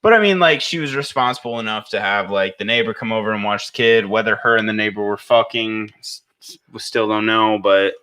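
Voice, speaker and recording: Bright-voiced young man, rambling and profane. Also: on the low side, smooth. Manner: rambling, profane, halting restarts. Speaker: podcast co-host. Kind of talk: casual crude chat.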